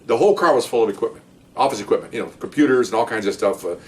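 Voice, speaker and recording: A man's voice: mid-range voice, expressive, rapid-fire, far from the mic. A man telling police stories in a rambling, casual way, acting out the voices of people in them. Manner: rambling, restarts, acts out voices loudly. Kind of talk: casual storytelling.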